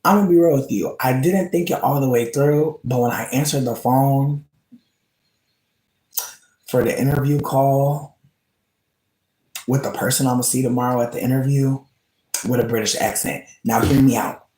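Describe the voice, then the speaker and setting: A man's voice: mid-range voice, fairly even intonation, moderate pace, pauses often, a little mellow. A man streaming and chatting with viewers, rambling and swearing with many fillers, often laughing as he talks. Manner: rambling, profane, full of "like" fillers; laughs often while talking. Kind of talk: casual livestream chat. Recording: roomy echo.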